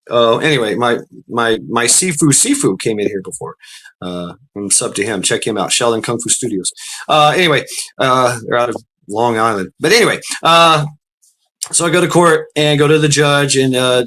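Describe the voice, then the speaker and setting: Bright-voiced rambling storyteller man. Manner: rambling, laughs often, acts out quotes with raised pitch. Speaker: podcast host. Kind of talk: casual storytelling chat.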